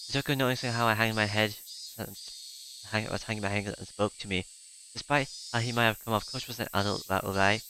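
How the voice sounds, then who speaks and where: A man's voice: fairly low pitch, steady tone, brisk, bright, forceful tone, a little hiss or hum, rough recording. A man reading a visual novel aloud, hesitant and correcting himself as he goes. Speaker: reader.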